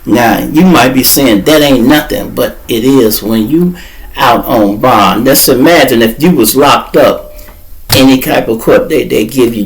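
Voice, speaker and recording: A man, the host of a podcast, tells a story in an animated, profane, slangy way. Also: medium pitch, poor audio.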